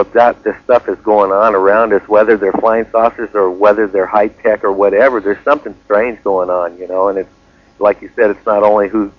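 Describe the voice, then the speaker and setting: A man calling in to a radio talk show, rambling and halting with many fillers. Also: lowish voice, no echo. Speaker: caller. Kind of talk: call-in radio chat. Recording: dry dull lo-fi radio call.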